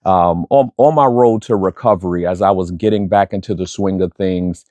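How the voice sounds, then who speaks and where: Earnest man with a low, mellow voice. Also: dry recording. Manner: earnest, reflective, halting with fillers. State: recovering from surgery. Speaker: podcast host and youth program leader. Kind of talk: casual spoken intro.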